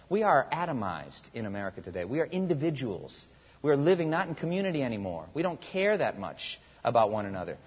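This male pastor has a mid-range voice with a breathy edge. Delivering a sermon, he throws rhetorical questions at the congregation and reads scripture with building emphasis, all on a muffled recording in an echoing hall.

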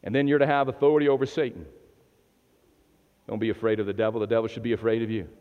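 A man preaching a sermon as pastor to a live and online congregation, animated and laughing often, moving from loud exhortation to hushed prayer. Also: lowish voice, fast talker. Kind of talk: sermon with call and response. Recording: long hall reverb, dull lo-fi sound, faint music.

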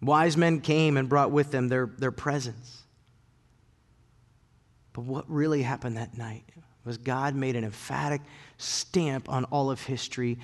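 A male pastor delivering a sermon in a dramatic way, swinging between loud declarations and hushed moments. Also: mid-range voice, fairly even intonation, measured pace, long pauses. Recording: long hall reverb.

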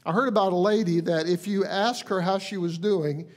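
A man pastor giving a conversational sermon, earnest and gentle, often restarting phrases and dropping softly into quoted lines. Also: sits high, fairly even intonation, moderate pace.

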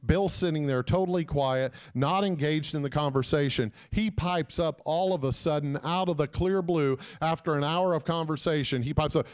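A man giving a sermon as a guest preacher, telling a story and calling out to the congregation, moving between loud shouts and hushed quiet. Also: fairly high pitch, normal speed, hardly any pauses. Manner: calls out to the congregation.

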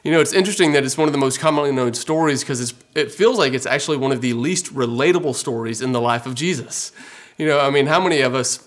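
A man delivers a sermon in a relaxed, conversational tone. He is earnest and talks plainly to his listeners, with frequent filler words. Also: mid-range voice, fast. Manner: conversational, earnest, many fillers like "you know". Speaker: pastor.

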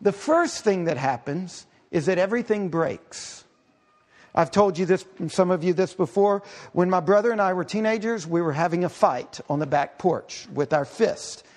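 A middle-aged male pastor delivers a sermon in a fairly high voice, spinning stories and tossing playful asides to his congregation. His words ring out with the long reverb of a large church hall. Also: expressive, normal speed, darkish tone. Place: church sanctuary.

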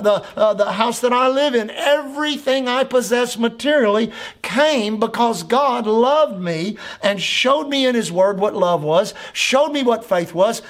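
A man's voice: very high voice, fairly bright tone. A man, a pastor, preaching a sermon in a church with an emphatic, repetitive cadence.

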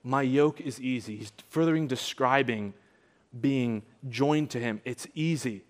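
A man preaching a sermon, earnest and conversational, rising to emphatic peaks and dropping soft. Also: mid-range voice, unhurried, big-room sound. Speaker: pastor.

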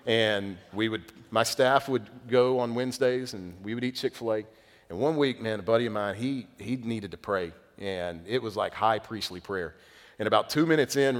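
A young man preaching as a pastor, with a fairly low voice that rings out in a hall with a long echo. He tells stories in a relaxed, chatty way, gets louder when excited, then drops to a quiet, solemn emphasis. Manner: conversational, animated storytelling with sudden quiet emphasis. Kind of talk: sermon.

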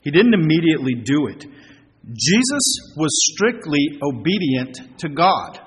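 A middle-aged man preaching a sermon as a pastor, earnest, asking rhetorical questions and slowing down for emphasis. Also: fairly high pitch, big pitch swings, breathy edge. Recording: long hall reverb, faint noise.

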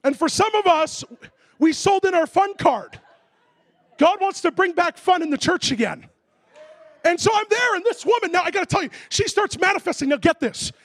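A man preaching a sermon as a lively story, acting out voices and making comic sound effects. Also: very high-pitched, normal speed, no echo. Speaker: pastor.

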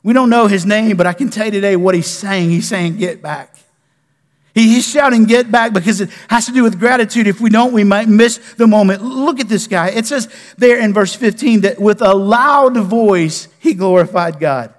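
A man, a pastor preaching a sermon, animated with loud bursts and quiet drops. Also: high-pitched, normal speed, hardly any pauses. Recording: long reverb of a large hall.

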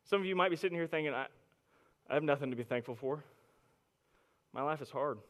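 A young adult man preaching a sermon to a congregation, emphatic, often repeating words as he builds from quiet, intimate stretches to loud, forceful ones. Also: a little high, fast talker. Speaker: pastor.

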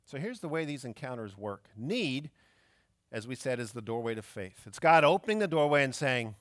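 A man's voice: mid-range voice, sing-song, fairly quick, dry recording, studio quality. A man preaching a sermon as pastor, emphatic and fond of rhetorical questions.

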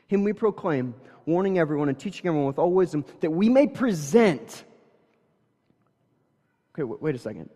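A man in his thirties preaching a sermon in a church hall, in a loose conversational way with quick asides. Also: a little high, very animated, warm tone. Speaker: pastor.

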